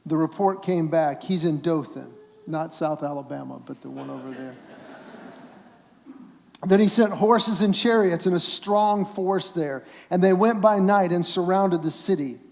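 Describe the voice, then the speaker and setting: A man's voice: on the high side, measured pace, gravelly, a little mellow, long reverb tail. A man preaching a sermon as a guest speaker, retelling a story and acting out its characters' voices. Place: church sanctuary.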